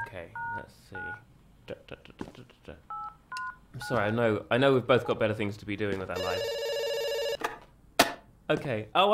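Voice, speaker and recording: A man voicing a flustered, apologetic stage manager in a video game, polite and hurried. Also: on the low side, noisy background, close to an everyday voice.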